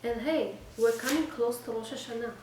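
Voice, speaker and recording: Exhorting woman teacher in an echoey room. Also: on the high side. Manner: direct and exhorting, checks in with "okay?"; trades quick replies with listeners. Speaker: religious teacher giving a weekly class. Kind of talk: informal lecture to a small group. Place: classroom with listeners present. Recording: echoey room, distant mic, faint background noise.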